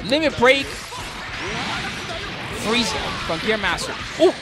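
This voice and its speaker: An excitable man calls a live esports match in a high, bouncy voice that jumps all over the place. He keeps up slangy banter with chat and laughs often. Game music plays clearly behind him. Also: takes it slowly. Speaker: tournament commentator and stream host.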